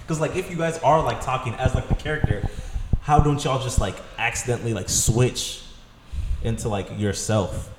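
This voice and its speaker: A slangy, curious male host talks loosely at a middle pitch. The room is echoey with a long reverb, and clear background noise sits under his voice. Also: normal speed. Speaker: podcast host. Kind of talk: casual interview chat.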